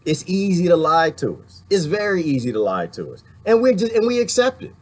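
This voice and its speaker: A man's voice: sits high, big pitch swings, brisk. A middle-aged man hosting casual commentary, laughing often and mocking others by putting on voices. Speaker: political commentary host. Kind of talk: casual live-stream commentary.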